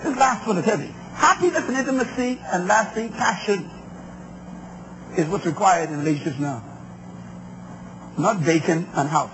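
High-voiced emphatic preacher. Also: male voice, expressive, moderate pace, pauses often, fairly bright tone, slight background noise, rough recording. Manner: emphatic, call-and-response with the crowd. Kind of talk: sermon on relationships.

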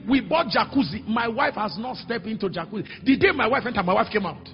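Nigerian pastor, middle-aged, high gravelly preaching voice, animated storyteller with sudden shouts, echoey hall, dull sound. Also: male voice, fast, faint music behind. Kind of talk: sermon with storytelling. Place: large church hall.

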